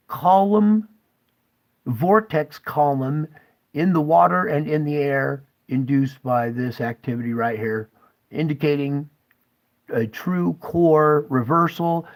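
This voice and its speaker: A man's voice: mid-range voice, gravelly, low-quality recording. A man hosting his own channel, speaking urgently and emotionally straight to his viewers, tearful at times. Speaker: channel host.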